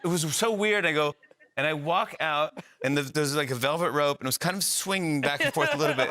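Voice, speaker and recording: A middle-aged man telling a comic anecdote as a talk show guest, acting out the voices of the people in it. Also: on the high side. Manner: animated storyteller acting out the other voices.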